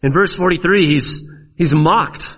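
Guy preaching a sermon, earnest and pleading, kinda high voice, muffled lo-fi recording. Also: measured pace, husky. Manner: earnest, pleading questions to listeners.

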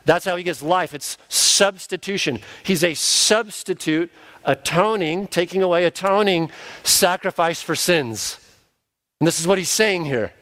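A man's voice: high-pitched, a little slow, fairly bright tone. A man, a pastor, preaching an earnest sermon and now and then acting out the voices of the people he quotes.

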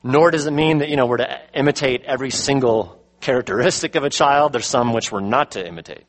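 A middle-aged man preaching a sermon, slowing down to stress his key words. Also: medium pitch, poor audio. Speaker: pastor.

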